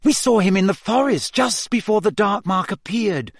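A man voicing a clever, insistent teenage girl witch in a storybook reading, raising his pitch and talking heatedly. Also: expressive, moderate pace, creaky, dry recording, studio quality, heavily acted. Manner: heated and stubborn.

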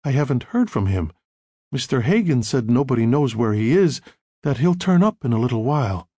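A timid young woman, voiced lightly by a male narrator, asking polite, anxious questions. The delivery moves with a lively pitch. The recording is dry and close. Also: normal speed, husky, no room sound. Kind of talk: audiobook narration.

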